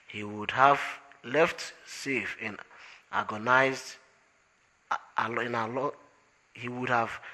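A man reading an audiobook aloud as narrator in a measured, unhurried way. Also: mid-range voice, bright, forceful tone, low-quality recording.

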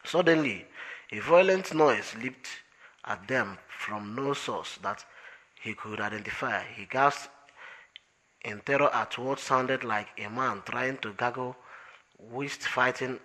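Slow, bright-voiced male narrator. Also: medium pitch, rough recording. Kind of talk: audiobook reading.

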